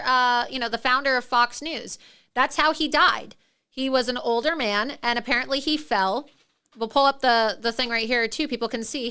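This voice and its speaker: A woman's voice: high-pitched, sharp tone, smooth. A woman hosting a political talk show, ranting with indignation and laughing mid-sentence. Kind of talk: opinionated political commentary.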